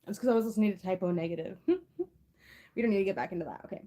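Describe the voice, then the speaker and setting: A woman's voice: medium pitch, racing, warm tone, poor audio. A young woman giving a casual tarot reading to camera, rambling with lots of "like" and restarts. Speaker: tarot reader.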